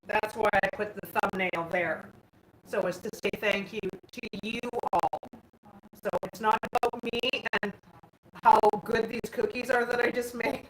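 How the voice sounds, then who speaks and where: Woman, live-stream host, casual chat, reads out comments, slow-paced, echoey kitchen, phone mic. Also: mid-range voice, steady tone, over music. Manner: chatty, reads viewer comments aloud and answers them. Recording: echoey room, faint background hum.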